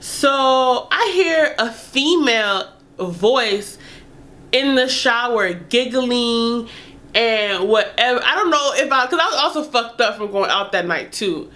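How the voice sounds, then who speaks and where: Young woman, somewhat high voice, casual storytime, animated, cursing, laughing. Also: slow pace. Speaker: vlogger.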